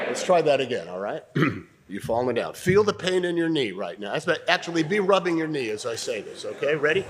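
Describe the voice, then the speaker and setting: An older man teaching an acting workshop, coaching students through scenes in an animated way and often clearing his throat. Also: medium pitch, fairly quick, slight background noise.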